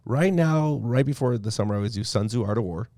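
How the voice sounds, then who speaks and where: A man's voice: medium pitch, fast, warm tone, no echo, studio quality. A man from Idaho hosting a podcast, talking in a rambling, conversational way with plenty of fillers. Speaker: podcast host. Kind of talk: casual interview chat.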